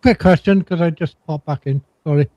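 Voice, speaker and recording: A man's voice: on the high side, brisk, no echo. Guy calling in from home, joking dry and swearing a bit, dead dry lo-fi mic. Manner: chatty, dry-humored, casual swearing. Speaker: stream guest. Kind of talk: casual live-stream chat. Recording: dry, lo-fi audio.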